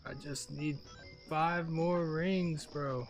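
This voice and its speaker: A young man co-hosting a live stream, relaxed, calling out his game moves and saying bro. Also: a little high, slow pace. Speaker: streamer co-host. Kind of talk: casual live-stream chat while gaming. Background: faint game music.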